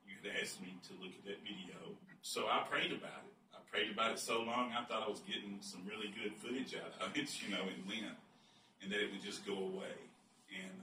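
A middle-aged man giving an earnest, animated personal testimony as a foster father. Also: lowish voice. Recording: roomy, distant mic, faint noise.

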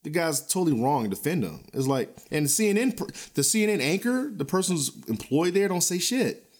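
A man hosting a podcast, ranting in a blunt, profane, animated way with frequent chuckles and a loose, rambling delivery full of restarts. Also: on the high side, brisk. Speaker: podcast host. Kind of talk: casual ranting podcast commentary.

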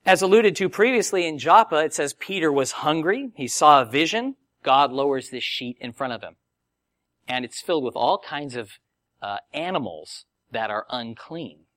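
A man's voice: on the high side, normal speed, no room sound, clean studio sound. A man preaching a sermon, teaching in a conversational way and acting out the voices of the people he quotes. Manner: animated, conversational Bible teaching with acted quotes.

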